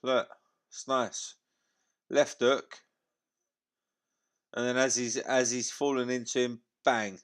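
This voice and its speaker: A man's voice: mid-range voice, level tone, slow, long pauses. A man hosting a live fight watchalong, chatting casually, swearing freely and using lots of slang. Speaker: livestream watchalong host.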